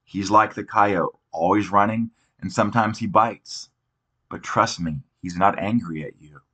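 An audiobook narrator playing a gentle young boy who speaks softly and reassuringly in a low voice. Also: unhurried. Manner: soft, reassuring. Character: gentle young boy comforting a small child.

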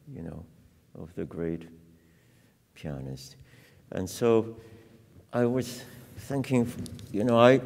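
A man's voice: fairly low pitch, mellow. A man in his fifties, a piano teacher giving a master class, telling stories in a reflective way with many fillers and laughs. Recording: reverberant hall.

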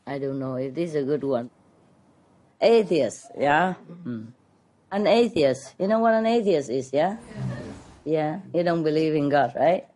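Woman, retreat teacher, playful joke-telling, slow pace, lowish voice. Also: animated, dark tone. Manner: playful, chuckling, checks in with listeners. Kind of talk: telling jokes to a retreat group.

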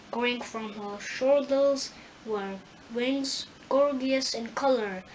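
A woman reading a storybook aloud slowly and carefully, with small stumbles. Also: on the high side, a little hiss or hum, low-quality recording. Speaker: reader.

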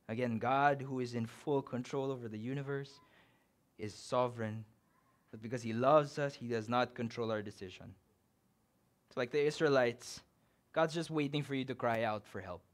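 A man's voice: mid-range voice, normal speed. A man with a Filipino accent preaching a sermon and leading an altar call, earnest and repetitive, slipping Tagalog phrases into his English. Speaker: pastor.

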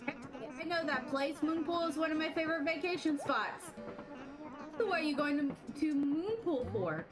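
A breezy, nosy male cat traveler who chatters and pries, as a woman reads him out in a high voice. He gossips on the phone like an old pal. Game music plays clearly underneath. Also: animated, normal speed. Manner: reading game dialogue aloud, breezy and gossipy.

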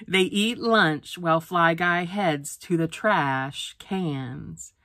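A woman teacher reads a children's picture book aloud, stopping to sound out words letter by letter. She speaks very slowly, in a lowish voice. The sound is dry and close. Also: fairly bright tone, no room sound. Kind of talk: reading a picture book aloud for a phonics lesson.

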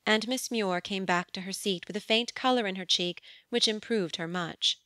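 Casting: female audiobook narrator, mid-pitched, smooth and close in a dry studio. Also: dry recording. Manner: even, measured storytelling. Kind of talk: scripted narration. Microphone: studio microphone.

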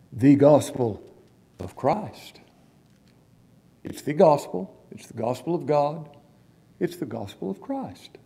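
A male pastor preaching a sermon in a church, stressing key words slowly and putting questions to the congregation. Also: mid-range voice, mellow, husky.

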